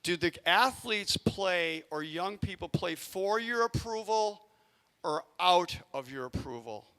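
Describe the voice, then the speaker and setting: A man who coaches youth sports, telling a coaching story to a community audience and acting out his own yelling from the sidelines. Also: high-pitched, slow, smooth. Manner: animated, acts out yelling in his stories. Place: arena event space.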